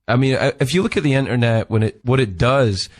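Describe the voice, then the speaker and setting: A man's voice: medium pitch, fairly quick. A middle-aged man with a Scottish accent, a guest comedian in casual chat, who laughs often and swears. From Scotland.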